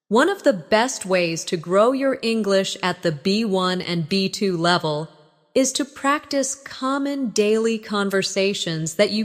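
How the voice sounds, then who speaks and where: A woman leading a scripted English lesson, speaking slowly and clearly so listeners can repeat after her. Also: medium pitch, long reverb tail. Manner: slow, measured, clearly enunciated. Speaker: English teacher.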